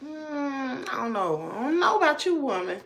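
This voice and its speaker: A woman's voice: high-pitched, sing-song, moderate pace, a bit bright, pitched above the performer's own voice, full character voice. A woman voicing a wary young male puppy who grumbles sassy complaints in a raised voice. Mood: wary sulky.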